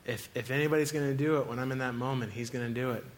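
A man's voice: medium pitch, steady tone, rapid-fire, a little hiss or hum. A young man preaching a sermon in a casual storytelling way, often laughing and acting out the voices of the people in his stories. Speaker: pastor.

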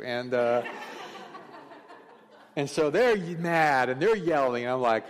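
A man's voice: on the high side, sing-song, brisk. A middle-aged man preaching a sermon as pastor, telling stories in a conversational, candid way. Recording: long reverb of a large hall.

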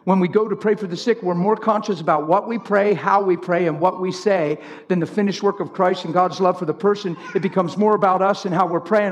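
A man preaching a sermon in an animated way, swinging from high shouts down to low storytelling. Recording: long hall reverb.

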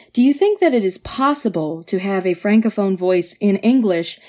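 A woman's voice: fairly low pitch, dark tone. A woman hosting an interview podcast, asking careful, long, well-framed questions. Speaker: podcast host.

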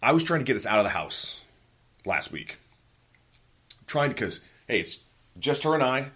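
Profane ranting man in his forties, husky. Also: medium pitch, normal speed. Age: 40s. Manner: profane, ranting, animated storytelling. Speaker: podcast host. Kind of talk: casual monologue.

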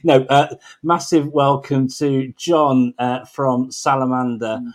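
A man's voice: medium pitch, fairly even intonation, takes it slowly. A man co-hosts a show in a chatty way. He is hesitant and fills his talk with uhs. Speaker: co-host.

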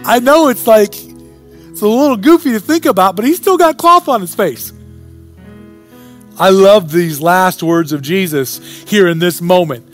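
A pastor delivering an animated sermon, swinging between excited urgency and quiet prayer. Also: male voice, high-pitched, unhurried, faint music behind. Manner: animated preaching, sports metaphors.

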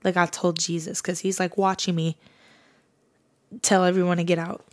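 A woman's voice: on the low side, flat delivery, moderate pace. A woman hosting a podcast, sharing a personal faith testimony in a casual, earnest way, often saying "like". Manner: casual, earnest, fills speech with "like". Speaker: podcast host.

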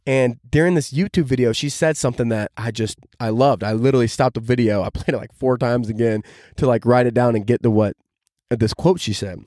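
Fairly quick and full of enthusiasm, a young podcast host rushes eagerly through a long, casual story, with "like" in nearly every phrase. His voice is middle-pitched with a darkish tone, and the sound is dry and close, free of room echo.

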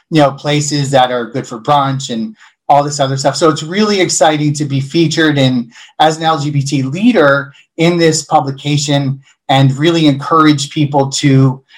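A man from Buffalo, a hospitality leader, telling lively stories as an interview guest. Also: on the high side, poor audio. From Buffalo, New York. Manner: animated storyteller who acts out quoted voices. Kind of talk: casual interview storytelling.

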